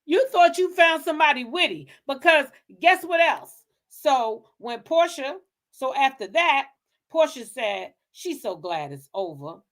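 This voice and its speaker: A woman's voice: high voice, big pitch swings, unhurried, a bit bright. Heated, profane woman ranting gossip. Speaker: gossip show host. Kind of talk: unscripted celebrity gossip commentary.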